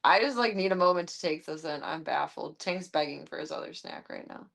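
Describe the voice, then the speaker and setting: A woman's voice: low-pitched, a little fast, creaky, fairly bright tone. A woman live streamer at home, chatting casually and talking to her pets in an amused, baffled way. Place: at home with her cats and dogs.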